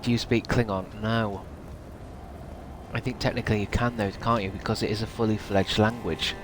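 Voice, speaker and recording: A man's voice: fairly low pitch, steady tone, moderate pace, background noise. A man live-streaming a game, chatting casually and rambling while swearing at what happens on screen. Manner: rambling, sweary, reacting to gameplay.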